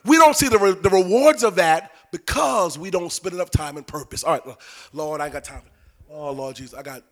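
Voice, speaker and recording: A man preaching a sermon in a sing-song cadence that rises into shouting. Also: a little high, animated, fairly quick.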